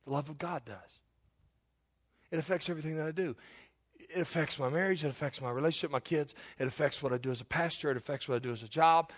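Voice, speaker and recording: A middle-aged man preaching in a folksy voice, a little higher than most men. He spins homespun stories with lots of restarts, asides and repeated phrases, talking straight to his congregation. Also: quick pace. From Eastern Kentucky. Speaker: pastor. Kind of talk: sermon.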